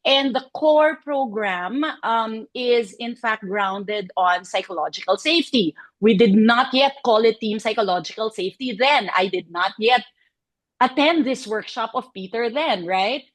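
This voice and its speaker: A woman presents a client case study over a video call. She talks in a chatty, animated way, full of fillers and little laughs. Her voice sits slightly high. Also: a little slow. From Philippines. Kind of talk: online presentation.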